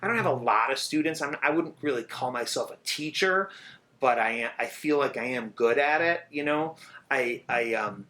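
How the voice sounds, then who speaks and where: A middle-aged man, a drummer, talking in a casual interview, animated and swearing freely as he sings out rhythms. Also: mid-range voice, normal speed.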